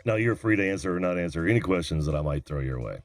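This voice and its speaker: Deep-voiced American host with dry wit. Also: male voice, expressive, fast talker, no room sound, soft background music. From United States. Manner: laughs easily, dry wit. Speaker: host of a video call-in show. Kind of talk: casual banter. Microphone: video call.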